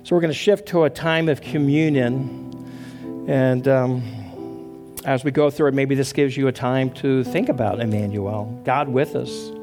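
A man preaching a Christmas sermon as pastor, telling a story earnestly and praying in a hushed voice. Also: mid-range voice, fairly even intonation, unhurried, over music.

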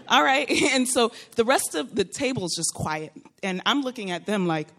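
A young woman telling a personal story in a casual, animated way, laughing often and acting out what people said. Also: mid-range voice, normal speed. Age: young adult. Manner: animated, laughing often, acts out quoted voices.

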